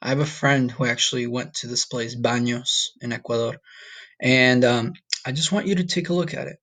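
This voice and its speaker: Speaking in a mid-range voice that sounds pushed and bright, a man teaches Spanish in a recorded online lesson. His style is casual, peppered with "okay?" and "all right?", and he models words in a slow, drawn-out way.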